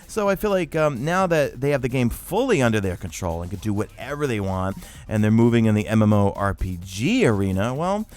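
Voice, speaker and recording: A man from New York with a toned-down New York accent, hosting a casual gaming Q&A chat with lots of fillers. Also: mid-range voice. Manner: animated, fast-talking with many fillers. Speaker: YouTube gaming host.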